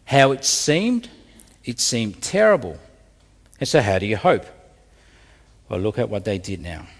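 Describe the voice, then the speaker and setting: A man preaching a sermon, his voice rising high and dropping low as he reads and pleads through the text. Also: a little slow. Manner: expressive preaching, voice rises and drops sharply. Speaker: pastor. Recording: long reverb of a large hall.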